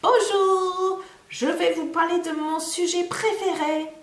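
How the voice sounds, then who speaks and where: A woman doing a cheerful high frog puppet. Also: fairly even intonation, measured pace. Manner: bright and eager, speaks French. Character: cheerful male frog puppet, chatty and proud. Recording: roomy echo.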